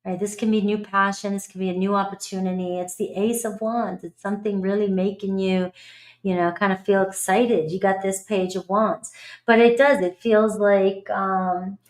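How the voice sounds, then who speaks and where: A woman's voice: mid-range voice, fairly even intonation, moderate pace. Chatty middle-aged woman reading tarot. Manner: chatty, blunt, swears casually. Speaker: tarot reader.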